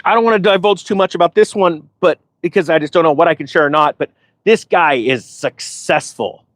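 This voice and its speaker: Male host, 40s, high voice, repetitive motivational talk, dry recording. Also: brisk, no room sound. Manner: animated storytelling with quoted voices. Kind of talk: casual monologue to viewers.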